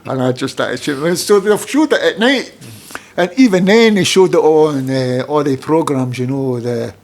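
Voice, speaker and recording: A middle-aged Scottish man, a former footballer, telling lively stories in casual chat as a podcast guest and acting out other people's lines. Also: fairly high pitch, moderate pace. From Scotland. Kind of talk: casual anecdotal storytelling.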